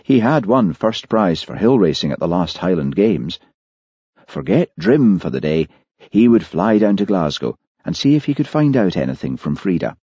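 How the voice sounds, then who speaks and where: A male audiobook narrator telling the story in a measured way. His voice is very low, dark and husky, with lively rises and falls. The recording is dry and dull. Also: no echo. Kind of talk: scripted narration.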